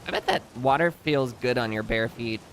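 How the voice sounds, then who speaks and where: A man's voice: mid-range voice, normal speed, a little hiss or hum. A young man streaming a game, bantering with his chat in a joking, exasperated way. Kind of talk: casual live-stream commentary.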